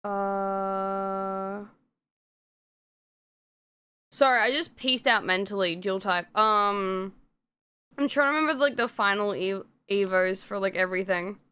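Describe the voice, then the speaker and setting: A woman's voice: mid-range voice, slow, pauses often, pushed and bright, smooth. A woman streamer chatting casually on a live stream, rambling with lots of fillers and frequent swearing.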